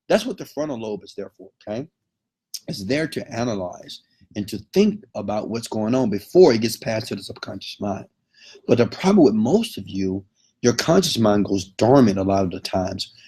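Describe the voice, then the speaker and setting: Emphatic, husky motivational speaker man. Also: lowish voice, animated, normal speed, darkish tone. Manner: emphatic, keeps checking in with okay. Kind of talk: motivational lecture.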